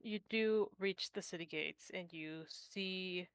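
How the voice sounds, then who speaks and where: A woman's voice: on the low side, takes it slowly, clear, resonant tone, no echo. A woman running a tabletop game as game master, narrating hesitantly with many fillers.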